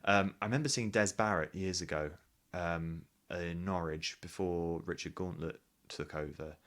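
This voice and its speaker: A man's voice: sits low, normal speed, a bit bright. A man, a pantomime actor, chatting as a guest in an interview and thinking aloud with many restarts. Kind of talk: casual interview chat.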